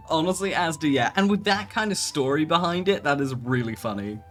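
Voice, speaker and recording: Brief: expressive streamer, mid-range pitch with wide melodic swings, reads stories aloud and breaks into laughter, faint backing music. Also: normal speed. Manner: animated, laughs often, swears casually. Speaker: VTuber streamer. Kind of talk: casual live-stream chat reading posts aloud.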